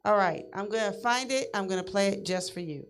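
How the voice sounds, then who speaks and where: A woman's voice: medium pitch, quick pace, faint music behind. A woman hosting a community radio show, chatting with a caller in an upbeat, affirming way. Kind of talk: casual call-in interview.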